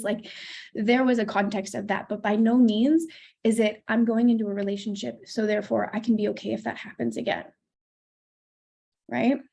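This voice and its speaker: A woman's voice: on the high side, gravelly, darkish tone. A woman in her thirties teaching a course module on attachment, talking candidly and swearing casually. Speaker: coach.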